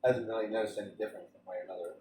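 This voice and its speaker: A man's voice: fairly low pitch, steady tone, very fast, mellow, roomy sound, distant mic, slight background noise, low-quality recording. A man streaming a game, chatting in a rambling way with frequent restarts and stammers. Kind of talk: casual rambling chat during a game stream.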